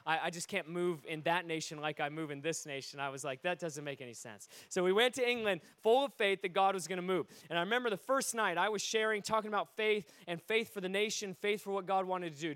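A male preacher telling stories in a sermon to a gathered audience, swinging between quiet asides and shouted peaks. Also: sits high, clean tone. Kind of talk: sermon storytelling.

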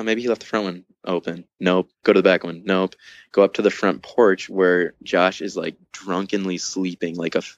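A man's voice: low voice, dry recording. A man chatting as a podcast guest, telling a long story in a loose, casual way, full of fillers and swearing, with laughs at the funny parts.

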